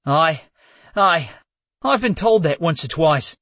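A man's voice: fairly high pitch, expressive, unhurried, husky, no echo. A man reading an audiobook voices a shifty young gambler who talks nervously and defensively, stammering at times. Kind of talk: audiobook character voice.

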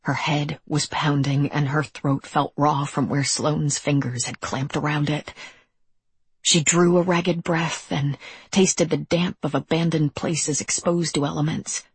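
A narrator reading a dark fantasy audiobook in a measured, even, dramatic way. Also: medium pitch, husky, no room sound.

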